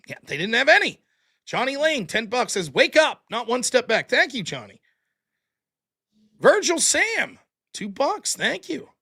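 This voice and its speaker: A man's voice: very high voice, big pitch swings, a little slow, pauses often, pushed and bright, slightly rough. A man hosting a livestream, reading out donor names and amounts and answering them with dry quips. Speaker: streamer host reading donations. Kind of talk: casual livestream chat.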